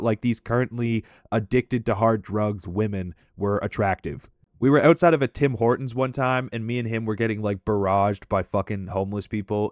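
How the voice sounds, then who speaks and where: Low-voiced man telling a story casually. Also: no echo. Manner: loose and chatty, laughs often, tags lines with 'right?'. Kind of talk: casual storytelling commentary over gameplay.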